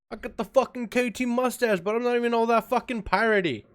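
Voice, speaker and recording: A man chatting casually on a game livestream, loose and profane, telling stories with animated swings in energy. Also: on the high side, quick pace, clean tone. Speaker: game streamer. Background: faint background music.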